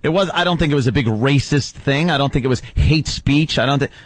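Blunt jokey radio host, dry sound. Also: male voice, mid-range voice, fast, no room sound. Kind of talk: casual radio talk.

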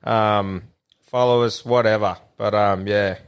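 A man's voice: on the low side, fairly even intonation, a little slow, clean tone. A young Australian man co-hosting a podcast, chatting casually with crude, laid-back humour and telling jokes. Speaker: podcast co-host. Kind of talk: casual banter.

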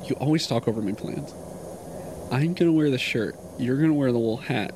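A man improvising a comedy sketch, laying out silly plans in an earnest deadpan way. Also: mid-range voice, a little fast. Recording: faint background noise.

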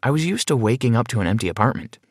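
A man telling a scripted first-person story in a plain, steady way. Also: medium pitch, rapid-fire, husky, dry recording, studio quality.

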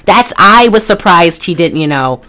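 A woman's voice: on the low side, lively intonation, normal speed, fairly bright tone. A woman co-hosting a podcast, recapping a movie in casual chat, rambling and giggling with lots of fillers. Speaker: podcast co-host.

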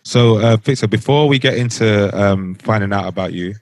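A man's voice: lowish voice, normal speed, darkish tone, no room sound, low-quality recording. A man co-hosting a podcast, asking the guest questions in teasing, casual banter. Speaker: podcast co-host. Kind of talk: casual chat.

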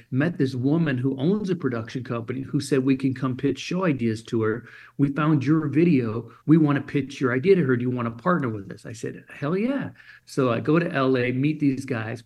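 A man from Germany, a guest in an interview, telling a story with energy and acting out the voices of the people in it. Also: medium pitch. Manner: energetic, acts out quoted voices. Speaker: podcast guest.

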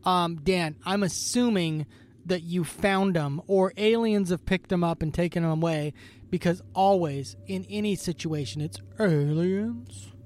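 A man's voice: high-pitched, a little mellow. Playful young man trading quips. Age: young adult. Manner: playful, quick quips and banter. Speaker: podcast co-host. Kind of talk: casual chat.

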